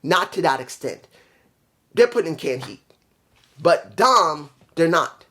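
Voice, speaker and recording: A man's voice: a little high, very animated, measured pace, sharp tone. Male reviewer, casual rant, blunt and profane, loses his train of thought with ums. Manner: rambling, profane, blunt opinions; trails off with fillers when forgetting. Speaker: wrestling show reviewer.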